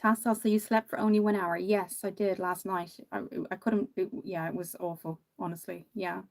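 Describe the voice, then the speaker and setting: A woman's voice: mid-range voice, flat delivery, moderate pace, vocal fry. A tired woman from Ireland with a mixed Irish accent, chatting casually with viewers on a makeup livestream and reading out their comments. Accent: Irish, not tied to one county, with some American mixed in. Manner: chatty, sympathetic, trails off quietly mid-thought. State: tired after one hour of sleep.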